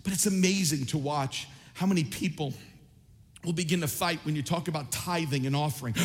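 A man preaching a sermon as pastor, impassioned and shouting at his peaks, reading scripture aloud and quizzing his listeners. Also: fairly high pitch, a little fast, long reverb tail.

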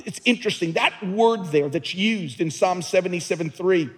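Earnest high-voiced male pastor, reverberant hall. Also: moderate pace, hardly any pauses, breathy edge. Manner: earnest, emphatic, repeats words. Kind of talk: sermon. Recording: long reverb of a large hall.

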